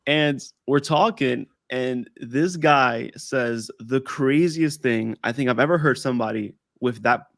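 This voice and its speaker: A man's voice: mid-range voice, unhurried, hardly any pauses, a bit bright, no echo, clean studio sound. A man co-hosting a podcast in casual chat, telling a rambling story and acting out the people in it. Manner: rambling storyteller who acts out quoted dialogue. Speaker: podcast co-host. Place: lives in Texas.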